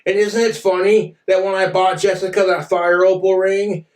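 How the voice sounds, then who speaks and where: A man's voice: high-pitched, flat delivery, normal speed, few pauses, darkish tone. A man streaming, ranting bitterly and with exasperation. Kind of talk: angry rant on a stream. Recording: echoey room, far from mic.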